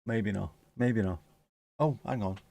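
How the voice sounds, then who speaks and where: A man's voice: lowish voice, a little slow, vocal fry, warm tone, no room sound. A man chatting casually and swearing as he comments on a football match on a live stream from home. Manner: chatty, sweary, laid-back. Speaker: streamer hosting a football watchalong.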